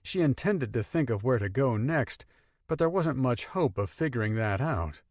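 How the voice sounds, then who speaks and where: A man narrating an audiobook in steady, expressive storytelling. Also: medium pitch, normal speed, no echo, studio quality. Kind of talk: scripted narration.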